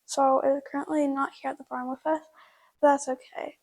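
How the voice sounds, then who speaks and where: A woman's voice: sits high, level tone, fairly quick, a little mellow, poor audio. A woman hosting a horse-care video at a barn, explaining a braid in a chatty, casual way with lots of fillers while she works. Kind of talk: casual how-to demonstration.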